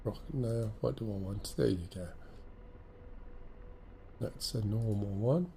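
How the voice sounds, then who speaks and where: A man with a broad English accent talks through a live flight-sim stream with a stuffy, blocked nose from a cold. His voice sits low and warm, and he rambles along as he thinks aloud and greets his viewers. A faint hiss sits behind him. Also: slow, vocal fry. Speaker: game streamer.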